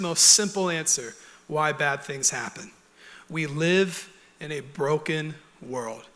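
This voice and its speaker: A young man preaches in a church, his voice sitting high and ringing bright. He talks earnestly and conversationally, often dropping to soft, close tones. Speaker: pastor. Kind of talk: sermon. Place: church auditorium.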